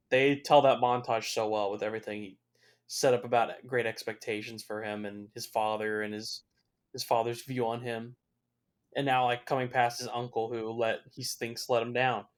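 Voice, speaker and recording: A man's voice: mid-range voice, fairly even intonation, brisk. Young guy doing casual movie commentary. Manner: unfiltered, swears freely, openly emotional. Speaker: movie reviewer.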